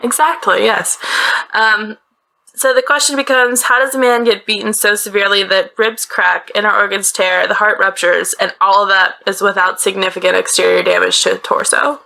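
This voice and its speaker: In a small bedroom that feels like a closet, a woman from the northeastern United States hosts a podcast about a true-crime case, talking casually and chattily with laughs mixed in. She speaks at normal speed in a medium-pitched, steady voice with vocal fry, bright and forceful.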